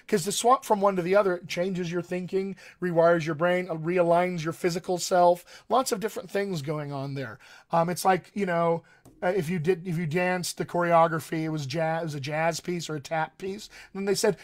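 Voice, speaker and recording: A middle-aged man with a slightly raised pitch coaches actors in a live online Q&A. He explains patiently, reaching for comparisons and restarting sentences as he goes. It sounds like a webcam session from a home office. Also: moderate pace. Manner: explanatory, answers viewer questions with analogies and restarts. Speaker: dialect coach. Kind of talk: live-streamed Q&A teaching.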